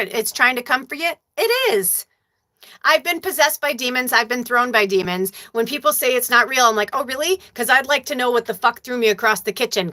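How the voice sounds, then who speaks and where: A spiritual medium hosts a livestream in a fairly high-pitched voice that sounds pushed and bright. She reads viewer comments aloud, talks in a casual, emotional and profane manner, and at times becomes tearful.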